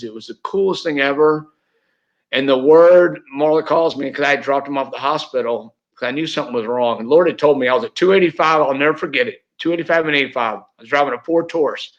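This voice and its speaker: This interview guest, a middle-aged real estate agent, tells a heartfelt personal story earnestly, with plenty of restarts. He has a medium-pitched, fairly bright voice, and the audio is dull.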